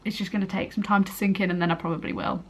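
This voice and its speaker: A young woman talks straight into a compact camera held close, chatty and rambling. Her voice sits at a middling pitch, casual and easygoing, with frequent laughs. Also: steady tone, racing, a bit bright, husky. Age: young adult. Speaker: vlogger. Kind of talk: casual vlog talk to camera.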